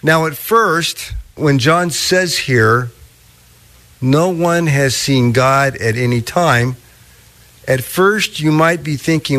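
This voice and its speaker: Slow, deliberate male preacher. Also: a little high, fairly bright tone. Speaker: pastor. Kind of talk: sermon.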